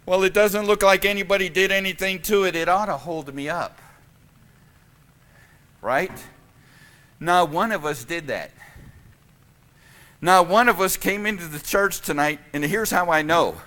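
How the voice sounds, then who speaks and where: High bright-voiced pastor preaching in church, gets loud and emphatic then drops down quiet. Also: male voice, unhurried, long pauses. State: out of breath. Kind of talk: sermon. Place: church sanctuary.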